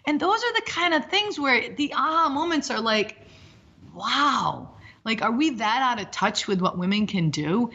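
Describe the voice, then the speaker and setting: Energetic bright-voiced woman in her fifties. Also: fairly high pitch, normal speed, breathy edge, lo-fi sound. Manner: energetic, rambling, animated storytelling. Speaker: hockey coach guest. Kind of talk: casual interview chat.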